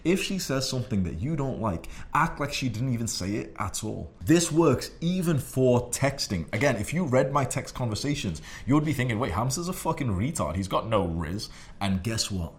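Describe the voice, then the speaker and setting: A young man delivers a profane advice monologue in a blunt, condescending way. His pitch swings widely as he lectures, and he swears in nearly every sentence. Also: very animated, normal speed, few pauses. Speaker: dating advice host.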